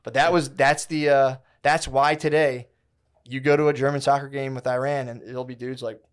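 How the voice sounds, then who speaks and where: Young male podcast co-host, mid-pitched voice, casual and profane, loose storyteller full of fillers. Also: little pitch movement, normal speed, clean tone. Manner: rambling, profane, slangy storytelling with many fillers.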